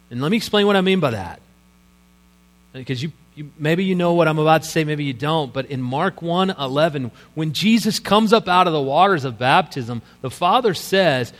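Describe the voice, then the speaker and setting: A middle-aged male pastor preaches in a big, echoing sanctuary, his slightly high voice ringing off the walls over a faint electrical hum. He tells stories casually and laughs at his own jokes. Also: a bit bright. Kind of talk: sermon. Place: church sanctuary. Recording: live hall with long reverb and mains hum.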